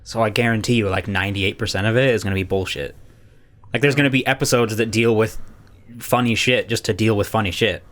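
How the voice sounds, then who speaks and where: Man, low voice, casual podcast co-host, rambling, swears a lot. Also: steady tone, fast, a bit bright. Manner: rambling, many fillers and swearing. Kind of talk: casual chat.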